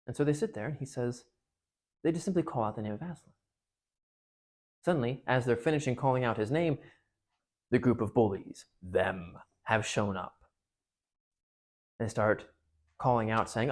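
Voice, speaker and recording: A man's voice: mid-range voice, expressive, moderate pace, pauses often, a little mellow. A man at a parish retelling a novel and reading from it aloud, in a chatty, joking way. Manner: chatty, jokey, many fillers. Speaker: parish speaker.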